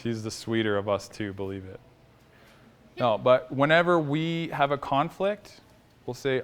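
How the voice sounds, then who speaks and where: A man teaching a small group in a relaxed, conversational way, asking them questions and joking now and then. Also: medium pitch, brisk, clean tone. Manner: conversational, quizzes the audience, jokes lightly. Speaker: workshop teacher.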